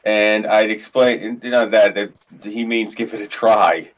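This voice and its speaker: On a rough recording, a podcast co-host speaks a little slowly in a lowish, fairly even voice. He casually spins rambling, profane anecdotes, performing the lines of the people involved.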